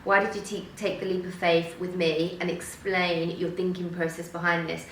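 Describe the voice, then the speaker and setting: A woman's voice: lowish voice, little pitch movement, normal speed, a bit bright. A woman hosting a casual chat, talking chattily with many fillers and frequent laughs. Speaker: host. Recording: roomy sound from some distance, faint background noise.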